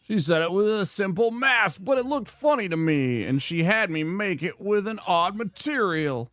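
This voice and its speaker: A man voicing a proud, grumbling rock-creature blacksmith in a video game, raising his voice a few steps into a gruff old-timey grumble. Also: high-pitched, lively intonation, moderate pace, a bit bright, pitched above the performer's own voice. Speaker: game character voice.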